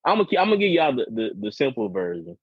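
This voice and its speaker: A husky-voiced man rambles through a profane, repetitive story on a casual podcast. His sound is dry and close, with dull, lo-fi podcast audio that lacks any sparkle. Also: medium pitch, very animated, fast talker, dry recording. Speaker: podcast co-host.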